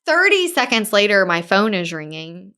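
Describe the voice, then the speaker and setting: A woman in her thirties co-hosting a casual podcast chat, telling an animated story and acting out the voices she quotes. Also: medium pitch, moderate pace. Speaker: podcast co-host, real estate agent.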